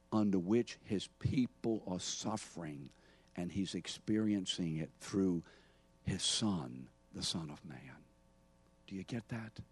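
A pastor delivers a sermon in a lowish, somewhat mellow, husky voice, teaching as he goes and calling on congregation members by name to answer his questions. The recording has no room sound.

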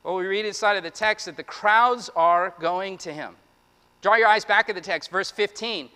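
Male pastor, bright and high, lively sermon delivery, big reverberant hall. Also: moderate pace, clean tone. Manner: animated, acts out voices of listeners and John.

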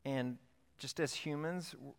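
A pastor delivering a sermon, telling stories in a playful yet earnest way with lively emphasis. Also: male voice, mid-range voice, measured pace, gravelly, clear, resonant tone. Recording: long hall reverb.

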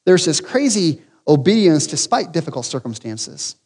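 A man's voice: on the high side, big pitch swings, moderate pace, slightly rough, long reverb tail. A man preaching a sermon as pastor, emphatic with rhetorical questions and humorous asides. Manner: emphatic, rising to loud peaks with rhetorical questions.

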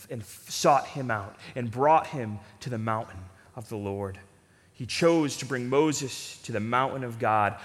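High-voiced man preaching in a reverberant church. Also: a bit bright. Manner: earnest, pleading preaching with repeated emphasis. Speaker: pastor. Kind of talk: sermon. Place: church sanctuary with a congregation. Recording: long reverb of a church hall.

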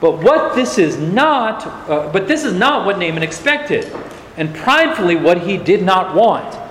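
A man's voice: high voice, big pitch swings, a little slow, a bit bright, slight background noise. A man preaching a sermon as pastor, speaking in an earnest, challenging way and asking the congregation rhetorical questions. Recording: echoey hall, faint ambience.

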